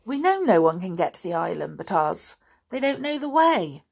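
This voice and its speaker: A woman's voice: fairly low pitch, big pitch swings, moderate pace, creaky, breathy edge, heavily acted. A woman reading the part of a wry, level-headed boy. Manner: wry, reasoning.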